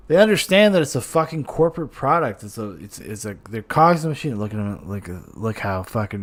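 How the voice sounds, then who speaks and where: A man hosting a podcast, reacting to a clip with sarcastic, angry and profane commentary. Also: on the high side.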